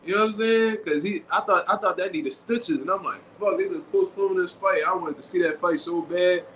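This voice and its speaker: Here a man who hosts a boxing show delivers loose commentary, animated and full of slang, with quick bursts and acted-out quotes. The bright, high-pitched voice echoes around the room over a light background hiss.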